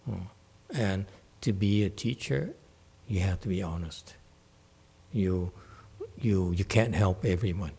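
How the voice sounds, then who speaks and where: A man's voice: sits low, slow, creaky, pauses often, warm tone, breathy edge. A man giving a meditation dharma talk to a class, conversational and playful, checking in often with "okay?". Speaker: meditation teacher.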